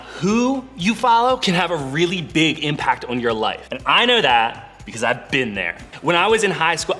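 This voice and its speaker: A man's voice: a little high, pushed and bright. A young man giving a casual, playful talk to youth as a church speaker, chatty and full of fillers.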